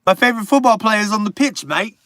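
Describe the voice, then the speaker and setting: A man putting on a deliberately bad British accent as a brash bloke heading to the pub. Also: fairly high pitch, animated, vocal fry, sharp tone, no echo, full character voice. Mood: cheeky.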